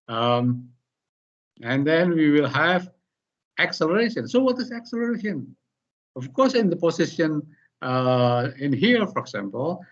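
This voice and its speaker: A man with an Indonesian accent lecturing online, halting and repeating words as he explains. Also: medium pitch, slightly rough. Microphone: computer mic on a video call. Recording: muffled meeting-call audio.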